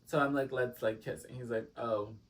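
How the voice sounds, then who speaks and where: Young man, casual gossipy storytelling, filler-heavy, medium pitch, voice a little off-mic. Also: moderate pace, far from the mic, a little hiss or hum. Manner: animated, gossipy, lots of "like" fillers.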